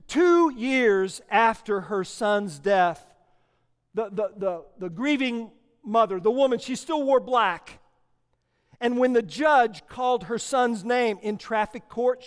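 A man preaching a sermon to his church, dropping to a hushed storyteller's voice and then rising to loud, urgent preaching. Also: extremely high pitch, clear, resonant tone, long reverb tail. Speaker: pastor.

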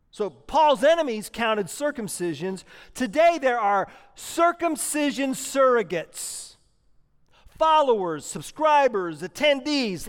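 A man's voice: very high-pitched, fairly bright tone, long reverb tail. A man preaching a sermon, emphatic and rhetorical, with punchy repeated lines.

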